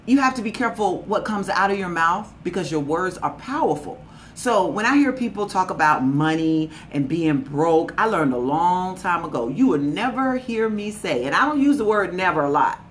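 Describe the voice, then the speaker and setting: A woman's voice: mid-range voice, a little hiss or hum. A woman giving a motivational talk in a conversational, folksy way. She is emphatic and repeats key phrases, drawing them out. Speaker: motivational speaker.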